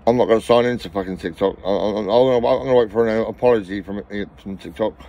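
Breathless rambling man, fast talk. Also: fairly low pitch, steady tone, mellow, dull audio. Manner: rambling, swears constantly, repeats himself. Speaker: vlogger. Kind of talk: rambling personal vlog.

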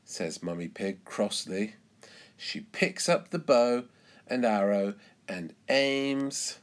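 A man, an English teacher, reading a children's storybook aloud in an expressive, careful way. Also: on the low side, takes it slowly.

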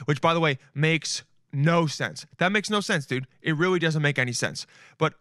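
A young man talks on his podcast in a lively, slangy riff, breaking into laughs and calling everyone "dude". His voice sits a bit high for a man. The sound is dry and close, with no room around it. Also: no echo. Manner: animated, laughing, slangy, keeps saying "dude". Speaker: podcast host. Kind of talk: casual solo podcast riff.

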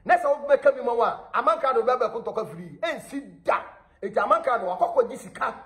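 Man, gossip host, animated, laughs a lot, echoey room. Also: very high voice, brisk. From Ghana. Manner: animated, laughs often while talking. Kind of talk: celebrity gossip commentary.

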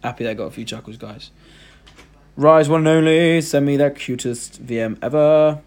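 Young guy chatting on a live stream, reading comments, a bit high voiced. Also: moderate pace, darkish tone. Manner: chatty, reads out viewer comments, jokey. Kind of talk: casual live stream chat.

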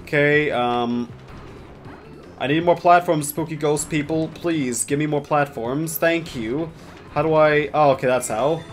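A young man narrating his own gameplay in a loose, chatty stream, sarcastic and quick to swear. He slips into mock-dramatic asides, and faint music plays behind him. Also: a little high. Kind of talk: casual gameplay commentary.

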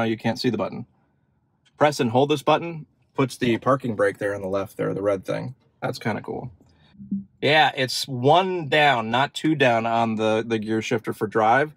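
A man's voice: mid-range voice, no room sound. Chatty man demoing car features. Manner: chatty, upbeat, thinks aloud with fillers. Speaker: car channel host. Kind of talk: casual demo walkthrough. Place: inside a parked car.

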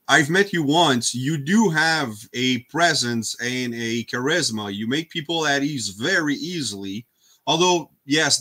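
A man's voice: mid-range voice, sharp tone. A man interviewing a guest in a casual conversation, asking plain, curious questions.

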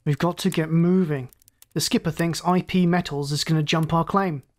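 A lean, grim male first mate gives crisp, urgent commands in this story reading, as a storyteller puts him on. The voice stays at a middle pitch, clipped and businesslike. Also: moderate pace, lightly acted.

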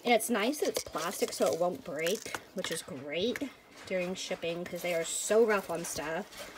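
A woman vlogger chatting excitedly to viewers as she unboxes a package of craft supplies. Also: lowish voice, a little slow, background noise. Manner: gushing, excitable, addresses viewers as you guys. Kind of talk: casual unboxing chat.

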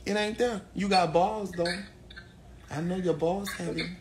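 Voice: mid-range voice, steady tone, a little slow, a little hiss or hum. Brash, crude young livestream host. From St. Louis, USA. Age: 20s. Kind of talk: casual live-stream chat.

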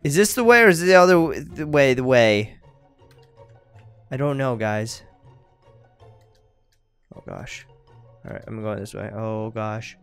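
Young male gamer, excitable commentary, smooth clear voice, faint music bed. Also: mid-range voice, moderate pace. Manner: excitable, talks to viewers as guys, yelps when startled. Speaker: gaming YouTuber. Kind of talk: gameplay commentary.

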